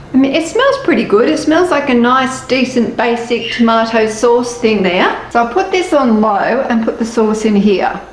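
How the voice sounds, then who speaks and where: A woman's voice: a little high, a little slow, reverberant, low-quality recording. Chatty Australian woman in a kitchen. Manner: chatty, playful, excitable. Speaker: food vlogger. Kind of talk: casual taste-test vlog. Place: home kitchen.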